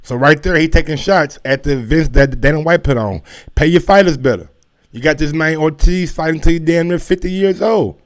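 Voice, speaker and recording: A man riffing on sports beef for his audience in a loose, slangy way. He keeps circling back with fillers and restarts, and his voice sits a little high. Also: fairly quick. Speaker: sports commentary host. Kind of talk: casual sports commentary.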